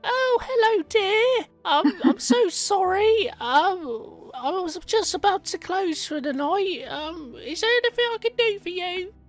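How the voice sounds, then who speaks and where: A woman's voice: animated, measured pace, few pauses, faint music behind. Woman putting on a fussy old halfling baker lady. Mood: sweetly flustered. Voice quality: high, sweet, tremulous old-lady voice. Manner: doting, calls everyone dear. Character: fussy elderly female halfling baker, flustered.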